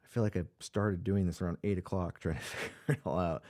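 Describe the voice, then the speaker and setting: A man's voice: sits low, steady tone, quick pace, darkish tone. A man hosting a home-made radio podcast, talking in a tired, rambling way with many ums and restarts. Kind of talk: casual rambling chat.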